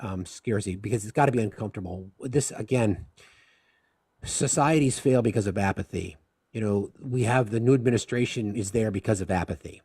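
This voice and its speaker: A man hosting a live discussion stream, speaking with impassioned, rapid-fire rhetorical questions. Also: fairly low pitch, darkish tone, husky, no echo, studio quality. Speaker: livestream host.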